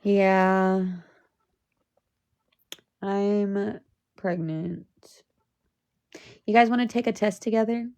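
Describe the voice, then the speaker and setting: A woman's voice: mid-range voice, fairly even intonation, moderate pace, hardly any pauses, a little mellow, clear, resonant tone. A young woman venting on a live stream, her voice cracking near tears, swearing often and restarting her sentences. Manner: profane, repetitive, restarts sentences. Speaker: livestreamer.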